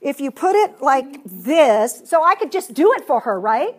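A woman with a high voice leads a hands-on workshop for teachers. She talks in an animated way and slips into playful voices to show how children answer. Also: measured pace. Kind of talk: classroom workshop talk.

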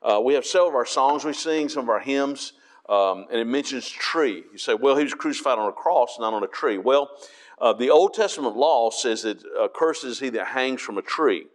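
A man's voice: mid-range voice, a little fast. A man preaching a Bible study, reading verses aloud and explaining them with frequent restarts.

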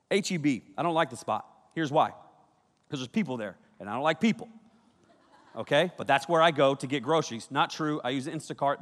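A man preaching a comedic sermon to young people, telling stories with lots of energy and jumping into high voices when he quotes people. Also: in a large hall. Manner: animated storytelling, jumps into high voices for quotes. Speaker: pastor.

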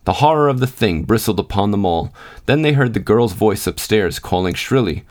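A man reading a short story aloud in a measured, unhurried narration. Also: lowish voice, expressive. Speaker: podcast host and reader. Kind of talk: scripted narration.

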